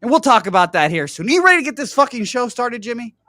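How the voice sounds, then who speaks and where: A man rants and swears his way through a casual sports betting chat. His voice is bright and cutting, and it sits dry and close to the mic. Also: very high voice, sing-song, fast talker, no room sound. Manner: angry profane rant. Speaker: host.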